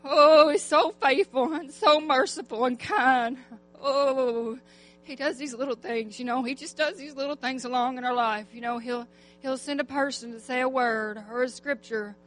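A woman's voice: sits high, moderate pace, fairly bright tone, slight background noise. A middle-aged woman giving a heartfelt, fervent church testimony, breaking into sighing "oh"s between phrases. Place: church congregation.

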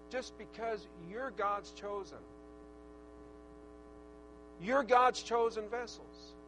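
A man with a high voice preaching a fervent sermon. He swings between shouted praise and soft, reflective passages. A clear electrical hum runs under the whole recording. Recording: steady mains hum.

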